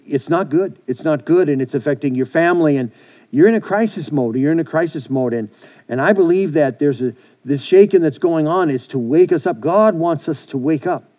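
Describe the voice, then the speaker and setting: A man's voice: on the high side, warm tone. A man preaching a sermon as pastor, earnest and repetitive, often restarting his phrases.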